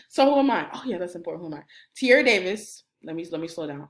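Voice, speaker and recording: A woman leads an energetic instructional video and talks straight into a close camera. Her pitch swings widely from line to line, and she runs slightly low for a woman. She coaches in a playful, upbeat way. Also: fast talker, hardly any pauses. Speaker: college career services director.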